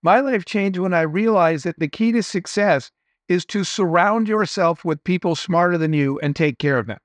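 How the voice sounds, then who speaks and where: A man's voice: high-pitched, moderate pace, dry recording. A middle-aged man, a guest entrepreneur, telling earnest anecdotes and motivational advice in a conversational interview.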